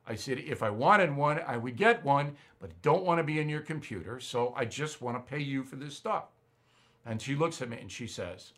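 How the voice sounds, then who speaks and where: A man hosting a show, telling an animated, indignant story and acting out both sides of the exchange. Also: a little high, moderate pace. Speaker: show host. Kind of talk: animated anecdote monologue.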